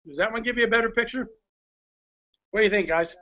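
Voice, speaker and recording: A man's voice: sits high, fast, pushed and bright, dull audio. A man hosting a casual show from inside his house on his phone, talking in a rambling, apologetic way. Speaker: host. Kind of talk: casual live-stream chat. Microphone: phone held by the speaker.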